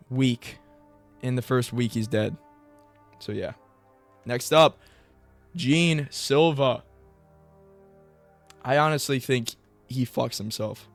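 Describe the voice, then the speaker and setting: An MMA commentary YouTuber, a young man, talks casually and at length by himself. He rambles and swears freely, breaking into bursts of high, excited mock voices.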